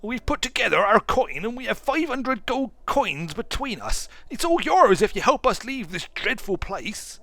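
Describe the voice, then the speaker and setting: A man's voice: sits high, very animated, normal speed, few pauses, bright, forceful tone, no room sound, pitched above the performer's own voice, full character voice. A man voicing a haggard, desperate townsman who pleads in a raised, strained voice. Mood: pleading.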